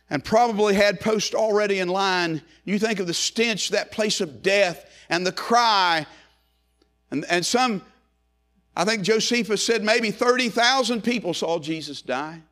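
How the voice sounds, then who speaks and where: A man preaching a sermon, swinging from loud rising calls to hushed low phrases and repeating lines in a building cadence.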